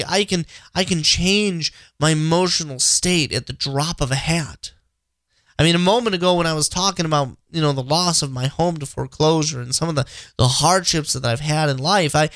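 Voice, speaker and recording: A man's voice: a little high, a bit bright, dry recording, studio quality. Earnest stammering man podcasting on faith. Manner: earnest, repetitive, frequent restarts. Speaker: podcast host. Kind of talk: inspirational faith talk.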